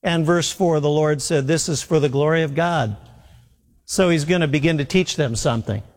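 A man's voice: a little high, moderate pace. Earnest preacher man in a reverberant hall. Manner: earnest, repeats key phrases for emphasis. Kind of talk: sermon.

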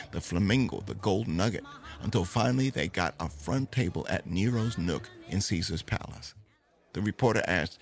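A man's voice: fairly low pitch, creaky. A man telling a true-life story aloud, lingering on its dramatic moments.

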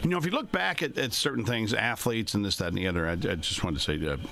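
A man's voice: fairly low pitch, fast talker, creaky, over music. A middle-aged man hosting a talk radio show, rambling through folksy, nostalgic asides in a casual monologue.

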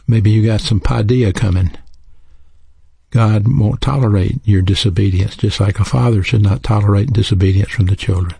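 A man's voice: on the low side, fairly even intonation, normal speed, creaky, dark tone, husky, no echo. A man preaching a sermon in an earnest, teaching way, spelling out words letter by letter.

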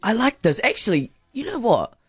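A man co-hosting a radio show, teasing his co-host and talking in an animated, upbeat way. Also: extremely high pitch, moderate pace, slightly rough, no echo, faint music behind. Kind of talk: casual radio banter. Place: radio studio.

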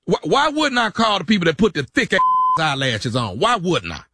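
A man's voice: high voice, huge pitch swings, a little fast, bright, forceful tone, breathy edge, no room sound, clean studio sound. A man calling in to complain, blustering, repeating himself and making threats. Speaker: caller.

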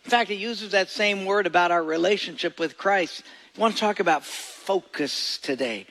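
Gravelly-voiced male pastor preaching. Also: high voice, moderate pace, a bit bright. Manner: folksy, joking storyteller, emphatic. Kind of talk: sermon.

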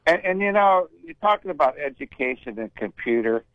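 A man's voice: on the high side, animated, brisk, dry recording. A man calling into a radio show, chatty and cynical, often repeating words. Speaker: caller. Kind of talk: casual call-in talk. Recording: dull phone-line call.

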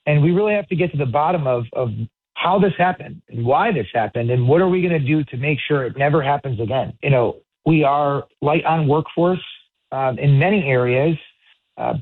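A state senator, a man, speaks earnestly in a recorded interview clip, stumbling and restarting as he makes his point. His voice sits a little high for a man and comes through a thin, tinny phone-like line.

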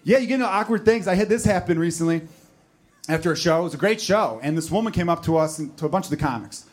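A man in his thirties doing a stand-up comedy set, telling stories with animated asides. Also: on the high side, fast, soft background music. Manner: animated storytelling with voiced asides.

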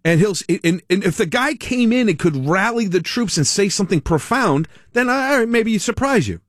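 A man's voice: high-pitched, animated, fairly quick, dry recording, studio quality. A man hosting a talk radio show, riffing in a rambling, sardonic way and laughing at his own jokes. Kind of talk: casual radio monologue.

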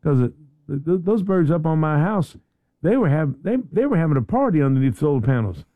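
A man's voice: a little high, a little fast, dry recording, narrow, tinny audio. A man hosting a radio talk show in a studio, chatting casually and often repeating words as he goes. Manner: animated, repeats words and restarts.

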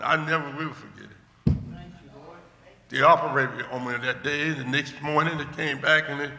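Gravelly older preacher in echoey hall. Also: male voice, fairly high pitch, steady tone, moderate pace. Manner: swings from hushed storytelling to shouted rejoicing. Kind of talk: sermon testimony. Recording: echoey hall with long reverb.

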